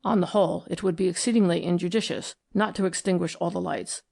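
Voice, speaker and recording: A woman voicing a cautious gentleman companion who speaks in a level, formal way in an audiobook. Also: high-pitched, fairly even intonation, fast, gravelly.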